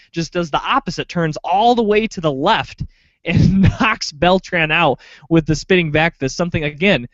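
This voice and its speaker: A man co-hosting a casual sports podcast, rambling and animated as he breaks down a fight. His voice sits a little high and lands close and dry. The recording is dull and lo-fi. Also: dry recording. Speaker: podcast co-host.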